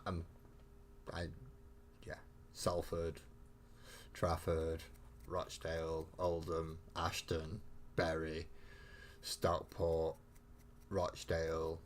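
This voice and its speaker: A man's voice: very deep voice, slight background noise. A man chatting casually and rambling with mild swearing as he live-streams painting miniatures.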